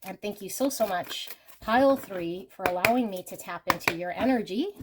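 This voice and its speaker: A woman doing an intuitive tarot reading for her viewers, earnest and emotional, often sinking to a hushed voice as she talks straight to them. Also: mid-range voice, normal speed, very noisy. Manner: talks directly to viewers as "you guys". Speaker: tarot reader.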